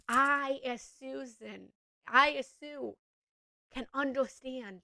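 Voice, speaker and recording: A young adult woman, a spiritual coach, speaking earnestly in a live coaching session, repeating gentle affirmations. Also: sits high, slow, no room sound.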